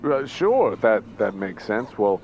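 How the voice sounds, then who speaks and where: A player voicing an older male professor who speaks softly and hesitantly, with many fillers, during a tabletop role-play. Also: medium pitch, sing-song, slow pace, faint music behind, voice pushed down. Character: older man professor, mild and absent-minded. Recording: dull lo-fi sound.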